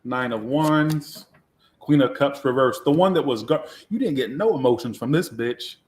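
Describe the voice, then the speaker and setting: A man's voice: medium pitch, moderate pace, darkish tone. A man giving a casual live tarot reading, talking in a blunt, sassy way with a lot of swearing. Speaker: tarot reader. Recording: echoey room.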